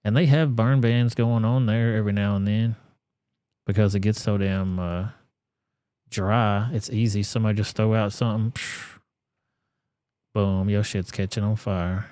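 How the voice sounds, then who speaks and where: Low, mellow Southern-accented man, blunt. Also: steady tone, normal speed, dry recording. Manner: profane, blunt, rambling. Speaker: commentary channel host. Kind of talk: casual reaction commentary.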